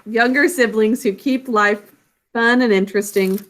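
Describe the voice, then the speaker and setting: A woman's voice: fairly high pitch, fairly even intonation, unhurried, a bit bright. A woman teaching a children's literacy lesson, patiently sounding out each word syllable by syllable. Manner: patient, sounds out words clearly.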